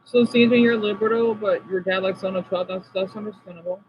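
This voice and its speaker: A man's voice: high-pitched, fairly even intonation, fairly quick, dull audio, slight background noise. An American man hosting a casual livestream, talking to viewers by name, with frequent apologetic asides. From United States. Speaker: livestream host reading chat.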